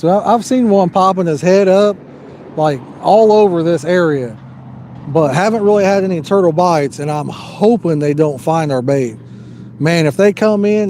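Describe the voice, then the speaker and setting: Hosting a live fishing stream outside, a man talks loosely and reads comments from viewers aloud. His warm voice sits on the high side, and there's a bit of hiss or hum.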